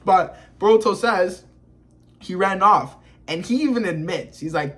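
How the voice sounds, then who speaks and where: A reviewer talking through a manga chapter casually, in slangy, excitable and profane speech. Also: mid-range voice, a little slow, husky.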